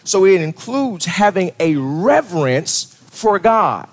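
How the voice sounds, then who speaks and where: A man's voice: sits high, sing-song, takes it slowly. A man preaching a sermon as pastor, talking conversationally, often asking "right?" and restarting his sentences.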